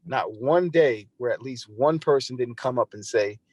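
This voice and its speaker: On a dry recording, a man with a medium-pitched, darkish voice and a breathy edge speaks at normal speed. He's a podcast guest sharing a personal story conversationally and earnestly, frequently restarting and repeating phrases as he recounts it.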